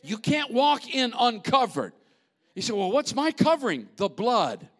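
A man preaching a sermon in an animated, conversational way, with asides to the congregation. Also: very high-pitched, measured pace.

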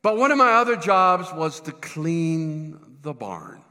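Male preacher, bright and animated, humorous storytelling, reverberant church sound. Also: a little high, slow. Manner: animated, self-deprecating, stumbles and restarts. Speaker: pastor. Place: church sanctuary.

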